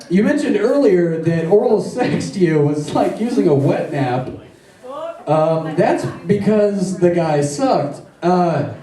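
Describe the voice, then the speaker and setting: A man's voice: high voice, mellow. A man doing a stand-up comedy set on a stage, telling crude, rambling jokes with self-deprecating asides. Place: comedy stage before a live audience. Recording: echoey room, mic at a distance.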